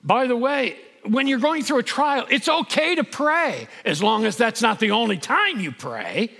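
High-voiced, slow-preaching pastor. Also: male voice, sing-song, creaky, big-room sound. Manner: emphatic preaching, building to loud peaks. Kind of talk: sermon.

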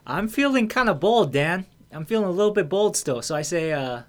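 A man's voice: sits high, expressive, fairly quick. An American man telling a personal story in casual conversation. He talks candidly, swears freely and fills his speech with restarts and fillers.

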